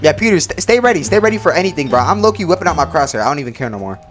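Excitable teen boy gamer, lively pitch. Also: very fast, faint music behind. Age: teens. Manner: loud, excitable, slangy banter. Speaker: Roblox voice-chat streamer. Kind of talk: casual gaming voice chat.

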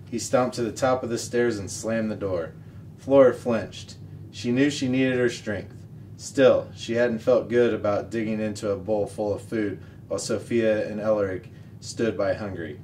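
Male reader, children's novel read-aloud; low, expressive, distant mic. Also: unhurried. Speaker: story reader. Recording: distant mic, faint noise.

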